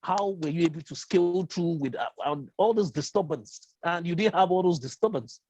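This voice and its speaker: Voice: medium pitch, normal speed, a little mellow, husky, no echo, dull audio. An interviewer asking long, probing questions.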